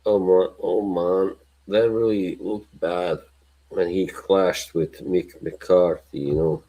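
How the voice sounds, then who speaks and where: A man's voice: deep voice, fairly even intonation, slow pace, mellow, low-quality recording. A man hosting a livestream in casual chat, rambling and laughing often between remarks. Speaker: livestream host.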